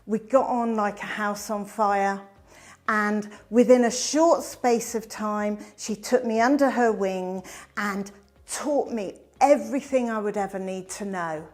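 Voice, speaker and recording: A middle-aged woman tells her own life story as a presentation. She is an animated storyteller who swings from bright emphasis to hushed asides. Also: mid-range voice, a little slow, faint music behind.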